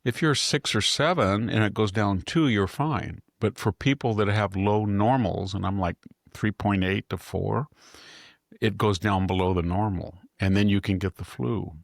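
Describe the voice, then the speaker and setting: A man's voice: lowish voice, moderate pace, vocal fry, dry recording, clean studio sound. An older man hosting a podcast, giving rambling, opinionated political commentary with frequent restarts. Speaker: podcast host.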